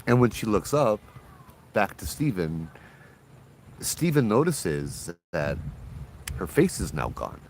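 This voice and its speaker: A man with a low voice tells a ghost story in a casual, chatty way. He sounds relaxed and slips into the voices of the people in the story. He is recorded outdoors with faint noise in the background. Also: slow pace, pauses often.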